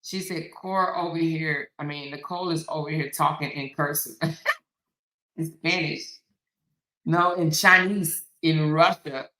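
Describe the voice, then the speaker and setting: A woman's voice: low voice, steady tone, a little slow, bright, forceful tone, echoey room, low-quality recording. A woman hosting a casual commentary stream, reading viewer comments aloud in a sassy, mocking way and laughing often. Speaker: host.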